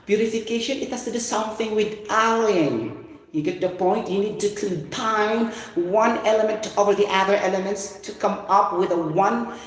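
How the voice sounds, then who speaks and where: A middle-aged man with a Filipino accent, giving an informal science lecture online. He talks in an animated, chatty way and keeps saying "you know" and "okay". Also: high voice, normal speed. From Philippines. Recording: very echoey room.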